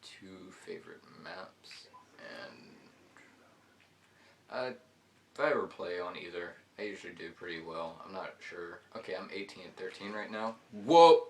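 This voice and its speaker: Low-voiced man rambling over gameplay. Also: animated, measured pace, fairly bright tone, a little hiss or hum. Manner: rambling, loose storytelling with many "like"s. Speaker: gaming channel host. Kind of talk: casual storytelling over gameplay commentary.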